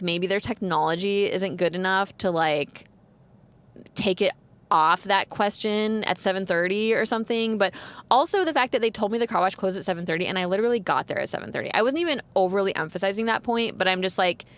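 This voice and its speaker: A woman hosting a podcast, telling a story in a chatty, animated way and filling her speech with "like.". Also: medium pitch, a little fast. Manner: chatty, says "like" constantly, animated retelling with quoted dialogue. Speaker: podcast host. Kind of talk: casual storytelling chat.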